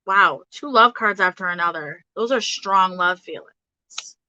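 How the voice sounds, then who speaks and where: A young woman reads tarot in a casual, chatty way, laughing easily as she speaks straight to her viewers. Her voice is bright and forward, recorded close and dry with almost no room sound. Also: on the low side, unhurried, no echo, lo-fi sound. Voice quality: chatty, giggly, talks to her viewers directly. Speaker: tarot reader. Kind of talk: casual live tarot reading.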